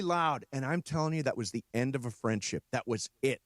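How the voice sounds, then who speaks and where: A male radio co-host with a lively voice that swoops up and down as he tells stories. His anecdotes ramble along and often start over mid-sentence. The studio sound is close and dry. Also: mid-range voice, brisk, few pauses, dry recording. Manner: rambling personal anecdotes with lots of restarts. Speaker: radio sports talk co-host. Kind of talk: casual studio banter.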